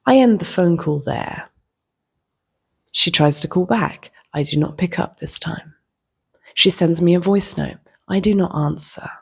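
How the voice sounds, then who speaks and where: A woman vlogger telling a personal story in a reflective, casual way, slipping into soft whispers. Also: fairly low pitch, measured pace, vocal fry, husky.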